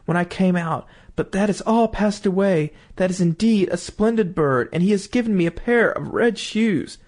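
A man's voice: high-pitched, moderate pace, darkish tone, voice pushed up, lightly acted. A man voicing a little girl in a fairy tale, speaking in a childlike way. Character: little girl, tearful then joyful.

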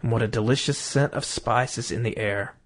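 A man voicing a cheerful, unsuspecting father, talking in a bright, pleased way. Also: medium pitch, brisk, close to an everyday voice.

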